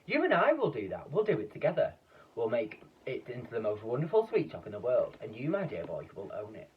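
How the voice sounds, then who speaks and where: A man playing a jolly, excitable old Duke. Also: medium pitch, brisk, husky, heavily acted. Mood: excited. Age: older. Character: old male giraffe-loving grand Duke, jolly and generous. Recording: dull, distant lo-fi recording.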